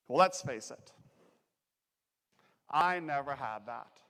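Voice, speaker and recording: A Canadian man giving a folksy, joking motivational safety talk with a lively delivery. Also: medium pitch, slow, long pauses. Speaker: safety speaker. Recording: echoey hall.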